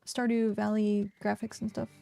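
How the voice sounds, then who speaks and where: A woman's voice: medium pitch, little pitch movement, normal speed, gravelly, warm tone. A woman streaming a game and chatting casually, filling her talk with "like" and laughing often. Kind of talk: casual livestream chat.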